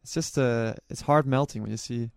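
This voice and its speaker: Man, mid-pitched, earnest and reflective runner sharing memories, self-correcting restarts, dry close recording. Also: normal speed, gravelly, no room sound. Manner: warm, earnest storytelling with frequent restarts. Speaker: charity relay runner and organizer. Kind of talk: personal recollection to camera.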